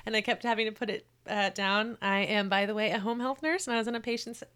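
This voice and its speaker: A woman who works as a home health nurse, reading her own short story aloud and chatting casually, acting out the quoted voices with lively jumps. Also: medium pitch, fast, clean tone. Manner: animated reader who acts out quoted voices.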